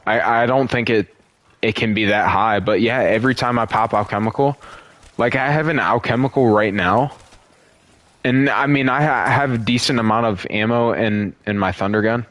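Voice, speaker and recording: A man's voice: fairly low pitch, normal speed, fairly bright tone, no echo. A young man streaming a zombie shooter and chatting casually with a friend, rambling, swearing freely and laughing often. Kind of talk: casual gaming chat.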